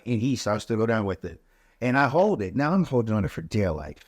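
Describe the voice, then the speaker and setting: A man, a podcast guest, telling his story in a relaxed, casual way with many fillers, and growing animated as he relives the events. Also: fast talker, dry recording, clean studio sound. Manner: animated, rising pitch when reliving events.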